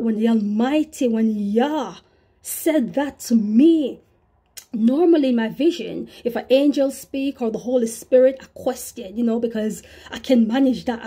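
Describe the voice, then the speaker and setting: A woman's voice: a little high, measured pace, dark tone, husky. A woman preaching an earnest testimony sermon, repeating herself and calling out to her brothers and sisters.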